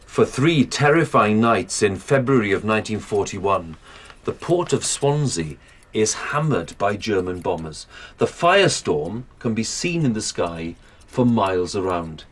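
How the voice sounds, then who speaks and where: Husky low male narrator, dramatic, lively intonation. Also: a little slow. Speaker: documentary narrator. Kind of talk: scripted narration.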